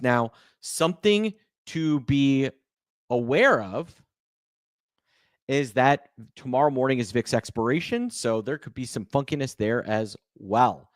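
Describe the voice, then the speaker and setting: A man's voice: medium pitch, no room sound. Male host, laid-back and chatty, dry video-call voice. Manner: relaxed, filler-heavy. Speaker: show host introducing guests. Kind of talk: casual live webinar intro.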